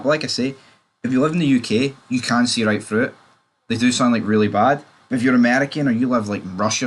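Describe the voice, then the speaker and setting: Rambling man reviewing a show. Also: fairly low pitch. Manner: rambling, loose, with frequent asides to the viewer. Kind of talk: casual opinionated chat.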